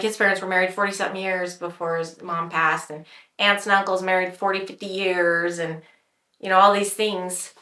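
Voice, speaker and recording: A woman's voice: fairly low pitch, pushed and bright. A woman hosting a faith podcast, speaking with emphatic conviction. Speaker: podcast host. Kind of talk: casual faith talk. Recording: roomy echo.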